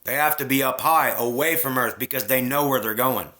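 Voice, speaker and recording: A man's voice: medium pitch, a little fast, sharp tone. A man in a casual spiritual rant, heated and preachy, swearing freely.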